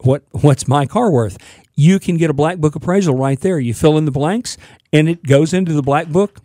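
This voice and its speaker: A man's voice: a little high, brisk, warm tone, no room sound, clean studio sound. A man on a radio show giving plainspoken advice about buying and leasing cars, with frequent fillers. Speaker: car-buying advisor, radio show regular. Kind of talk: casual radio talk.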